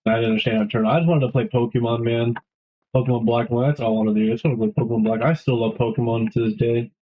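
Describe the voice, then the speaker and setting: A man's voice: mid-range voice, fairly even intonation, racing, slight background noise. Young guy streamer chatting to his viewers, swears a lot, kinda muffled lo-fi mic. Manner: rambling, swears a lot, talks to chat. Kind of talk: casual live-stream chat.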